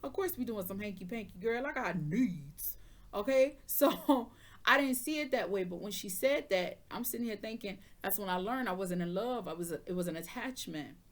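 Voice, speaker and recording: A woman's voice: mid-range voice, expressive, moderate pace. Sassy, chatty woman reading tarot. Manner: sassy, chatty, talks straight to the viewer with slang. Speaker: tarot reader. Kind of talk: casual spoken tarot reading.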